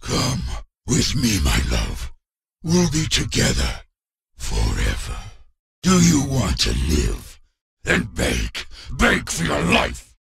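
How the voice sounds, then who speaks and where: An actor playing a middle-aged, obsessive and possessive male villain in a video game, with a raspy, gravelly voice and creepy crooning broken by sudden shouts. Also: medium pitch, wildly swooping pitch, takes it slowly, full character voice. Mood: menacing croon.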